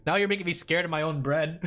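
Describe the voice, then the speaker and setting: A woman streamer chatting casually and rambling with lots of fillers, excitable and quick to laugh. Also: fairly low pitch, husky. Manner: excitable, breaks into laughs and shouts. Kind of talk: casual live-stream chat.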